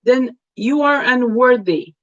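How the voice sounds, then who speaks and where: A woman reading the part of a stern male temple priest who speaks in a lifeless monotone. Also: a little high, slow, highs cut off, pitched above the performer's own voice. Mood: cold.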